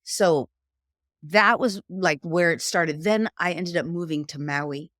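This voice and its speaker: A middle-aged woman from New York with a New York accent, telling her story as a guest in an animated, chatty way. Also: on the low side, takes it slowly, no room sound, studio quality. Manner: animated, chatty, uses "like" often. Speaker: guest, psychic and spiritual teacher. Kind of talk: conversational storytelling.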